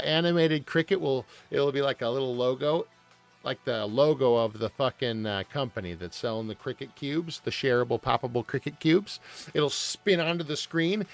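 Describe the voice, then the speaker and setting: A man on a live stream, rambling and joking with plenty of swearing. His voice has a gravelly edge and sits at an ordinary middle pitch. Faint music plays behind him. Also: fairly bright tone. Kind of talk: casual live-stream chat.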